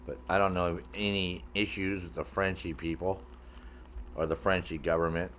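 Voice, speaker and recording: Low-voiced, rambling, profane male streamer. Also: level tone, normal speed, a bit bright, a little hiss or hum. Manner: rambling, profane, jokey, talks to chat. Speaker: game streamer. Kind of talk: casual gaming stream chat.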